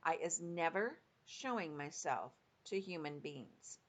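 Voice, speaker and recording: A woman's voice: sits low, animated, slow pace, heavily acted. A woman voicing a kindly big friendly male giant who talks in mangled grammar with made-up words.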